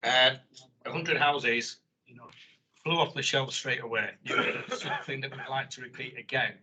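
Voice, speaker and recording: A man's voice: medium pitch, fairly even intonation, normal speed, bright, forceful tone, slight background noise, rough recording. A man speaking in a board meeting, enthusiastic and informal. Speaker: board member. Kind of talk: meeting remarks.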